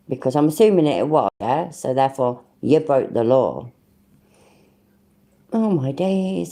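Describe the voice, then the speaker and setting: A woman's voice: rumbling low, creaky, mellow. A British woman hosting a reaction video, mocking and swearing as she mimics and ridicules what she hears. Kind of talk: sarcastic reaction commentary.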